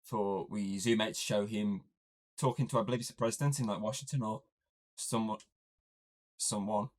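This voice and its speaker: A man's voice: on the low side, steady tone, normal speed. A man co-hosting a podcast, casually recapping a movie's plot, swearing freely and joking. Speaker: podcast co-host.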